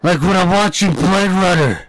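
A man co-hosting a comedy podcast, throwing in crude, absurd jokes in a deadpan way. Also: high-pitched, normal speed, dry recording, poor audio. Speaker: podcast co-host. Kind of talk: casual comedic banter.

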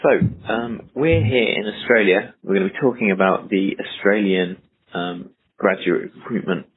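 A man's voice: deep voice, normal speed, a little hiss or hum. A man co-hosting a podcast, setting up the topic in a hesitant way with many "um" fillers, often trailing off. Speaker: podcast co-host. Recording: narrow phone-like audio.

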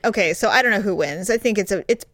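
A woman co-hosts a podcast, chatting casually and telling stories in an animated way, acting out quotes as she goes. Her voice is mid-range and her pace quick, with a loud crowd in the background.

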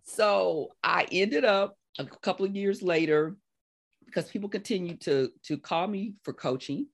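A woman in her sixties, a life coach being interviewed, telling her story in a lively way and acting out what people said. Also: unhurried, creaky. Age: 60s. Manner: animated storyteller, acts out quotes with big laughing pitch jumps. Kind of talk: conversational interview.

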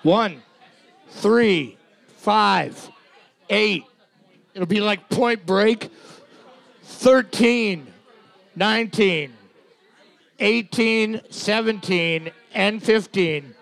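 High gravelly guy, slow talker, teasing and swearing at the teams. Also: fairly bright tone, some chatter behind. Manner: teasing, sarcastic, profane. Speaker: co-host scoring answers. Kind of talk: casual comedic banter.

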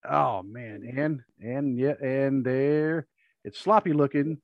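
A man's voice: mid-range voice, slow, no echo. Man chatting on a lo-fi podcast. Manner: rambling, with frequent restarts and laughs. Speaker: podcast co-host. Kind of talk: casual watch-along chat.

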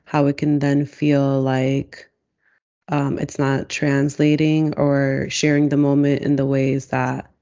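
Searching, gravelly-voiced speaker in conversation. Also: mid-range voice, little pitch movement, dark tone, dull audio. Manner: slow, searching, many "like" fillers. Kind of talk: reflective casual conversation.

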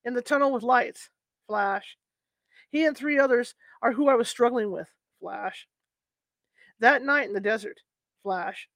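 A woman's voice: on the high side, a little slow, long pauses, fairly bright tone, dry recording. A woman voicing a worried, protective young husband in a read-aloud story, soothing but urgent.

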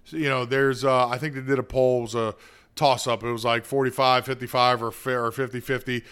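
Bright, rambling man joking at himself. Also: medium pitch, flat delivery, fairly quick, smooth. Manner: rambling, self-deprecating humor, laughs easily. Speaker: show host. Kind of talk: casual spoken monologue.

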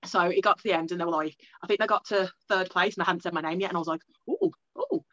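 Fast-talking young woman telling a story. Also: on the low side, fairly even intonation, a bit bright, no room sound, lo-fi sound. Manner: fast, rambling, lots of "like" and quoted self-talk. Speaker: guest. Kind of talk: casual storytelling interview.

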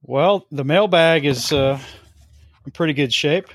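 A man hosting a hobby podcast, chatting casually in a relaxed, unhurried way with frequent fillers. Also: fairly high pitch, no echo, studio quality. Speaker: podcast host.

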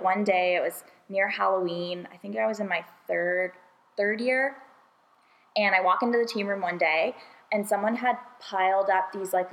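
A woman's voice: medium pitch, fairly bright tone, rough recording. Young woman volleyball player, chatty storyteller on a podcast, lots of likes and laughs. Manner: chatty, laughs often, many "like" fillers. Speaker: guest, university volleyball player.

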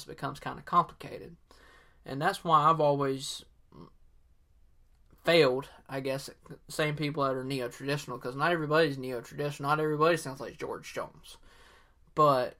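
Southern male podcast host, casual and opinionated, slightly high, forceful tone. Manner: rambling, filler-heavy, opinionated. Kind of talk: casual solo podcast talk.

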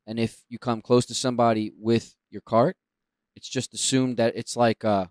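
A man's voice: medium pitch, little pitch movement, moderate pace, darkish tone, dry recording. A man co-hosting a casual podcast, telling stories and joking about words. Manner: jokey storyteller, playful word games. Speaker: podcast co-host. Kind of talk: casual chat.

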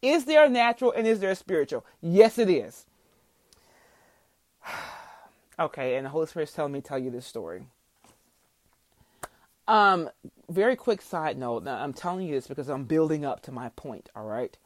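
A woman's voice: deep voice, sing-song, normal speed, long pauses, no room sound. Emotional woman preaching on a podcast. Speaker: podcast host. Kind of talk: faith podcast teaching.

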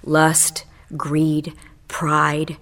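A woman's voice: low voice, monotone, extremely slow, a bit bright. A middle-aged woman giving a fervent spoken testimony on a radio program, quoting scripture and swelling on key phrases.

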